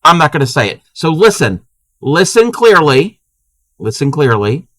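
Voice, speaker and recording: Chatty bright-voiced man streaming live. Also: fairly high pitch, big pitch swings, measured pace, dry recording. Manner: chatty and playful, laughs often, trails off. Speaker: live-stream crafting host. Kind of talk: casual live-stream chat, reading viewer comments.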